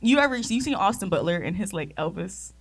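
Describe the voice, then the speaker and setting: A woman's voice: medium pitch, big pitch swings, moderate pace, husky. Chatty giggly young woman co-host. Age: 20s. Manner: chatty, many fillers and mm-hmms, giggly. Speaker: podcast co-host. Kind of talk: casual chat.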